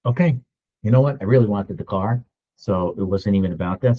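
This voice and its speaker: A low-pitched man in his sixties tells a story in an easy, conversational way, slipping into other people's lines as he goes. His voice is warm and slightly husky. The recording sounds a bit dull and lo-fi. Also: fairly quick. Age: 60s. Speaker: real estate agent. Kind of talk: storytelling vlog.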